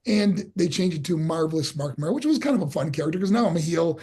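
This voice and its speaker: A man's voice: a little high, quick pace, husky. An older man in his sixties with a crackly voice, telling stories from his career as an interview guest and acting out what people said. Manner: animated storyteller, acts out quotes. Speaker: guest, former pro wrestler. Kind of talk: storytelling interview.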